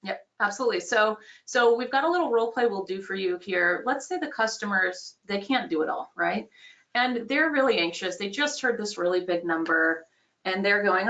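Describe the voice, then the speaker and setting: Bright-voiced woman sales trainer. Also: mid-range voice, moderate pace. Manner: upbeat, explanatory, conversational. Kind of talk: online training course.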